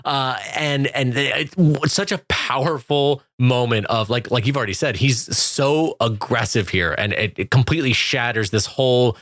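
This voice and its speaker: A man's voice: medium pitch, brisk, few pauses, a bit bright, no echo, studio quality. A man co-hosting a podcast, casually walking through film scenes in detail and laughing along with his co-host.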